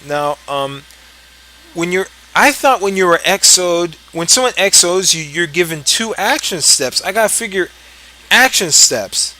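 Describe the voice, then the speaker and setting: A man's voice: high-pitched, bright, forceful tone, poor audio. A man ranting about a board game rule late at night, profane and exasperated, rambling with many restarts. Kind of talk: casual ranting commentary.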